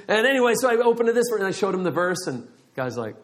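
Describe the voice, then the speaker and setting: Middle-aged male pastor, animated storyteller, somewhat high voice. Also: a little fast, few pauses. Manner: animated storytelling with acted-out quotes. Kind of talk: sermon.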